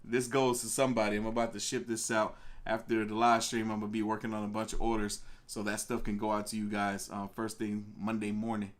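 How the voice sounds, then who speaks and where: A young man hosting a casual live stream, greeting viewers by name in an animated way. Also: fairly quick. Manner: animated, greets viewers by name, pitch jumps on excited words. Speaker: live-stream reaction host.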